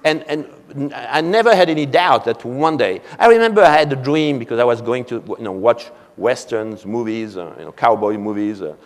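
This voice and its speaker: A man's voice: medium pitch, animated, normal speed, hardly any pauses. A man in his seventies from France, speaking with a French accent, giving a conference keynote as a string of anecdotes with many "you know" asides. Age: 70s. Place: convention hall. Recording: long reverb of a large hall.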